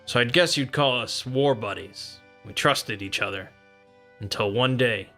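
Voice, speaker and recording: Brooding young soldier, read by a man, flat and reserved, bright forceful tone. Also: mid-range voice, a little slow, soft background music. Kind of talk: fan voicing of game dialogue.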